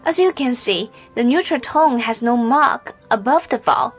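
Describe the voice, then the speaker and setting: A woman's voice: fairly high pitch, normal speed, slightly rough, soft background music. A woman teaching pronunciation in a scripted language lesson, modeling sounds with careful, exaggerated drills.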